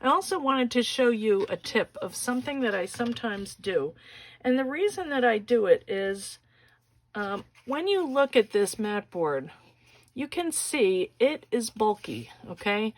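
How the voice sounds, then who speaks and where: A woman's voice: on the high side, big pitch swings, a little slow. A woman hosting a casual crafting tutorial, walking through each step in a chatty way and often checking in with "okay?".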